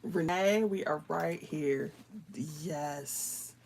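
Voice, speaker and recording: Slow-talking woman chatting while coloring. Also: on the low side, animated, husky. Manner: chatty, reads and answers viewer comments, laughs often, drops to whispers while working. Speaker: livestream host. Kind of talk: casual live-stream chat while coloring.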